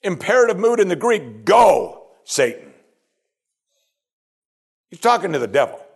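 Dramatic, lively-pitched preacher. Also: male voice, fast, breathy edge. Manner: dramatic, dropping to a hush on key points. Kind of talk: sermon.

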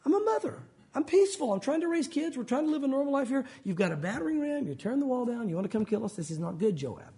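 A man's voice: very high voice, sing-song, fast, hardly any pauses, dark tone, heavily acted. A man voicing a wise, peaceable mother who pleads and reasons from a city wall. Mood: pleading.

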